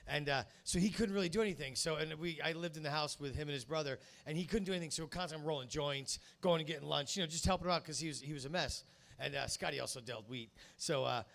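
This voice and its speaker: A man's voice: on the high side, creaky, a bit bright. A man in his fifties hosting a live comedy show, telling a rambling story full of ums and uhs. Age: 50s. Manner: rambling storytelling with many fillers. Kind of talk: stand-up crowd work. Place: small comedy club, live audience.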